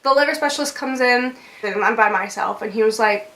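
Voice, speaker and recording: A woman's voice: on the high side, moderate pace, pushed and bright. A young woman vlogger telling a story in a chatty way, with lots of fillers, laughs and swearing. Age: young adult. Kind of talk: casual storytime.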